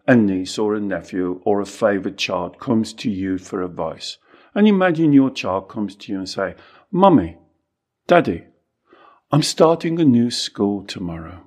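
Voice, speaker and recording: A man, a therapist, talking animatedly and growing emphatic as he coaches listeners. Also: fairly low pitch. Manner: animated, rising to emphatic exhortation. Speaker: therapist and podcast co-host. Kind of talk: conversational coaching talk.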